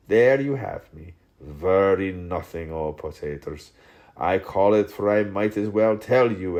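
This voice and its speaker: A man with a fairly low voice reads a dense literary text aloud for an audiobook. He takes his time, an unhurried, deliberate delivery, and he plays the quoted speakers theatrically, jumping up in pitch and volume for one and dropping low for another. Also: a little mellow. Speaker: audiobook reader.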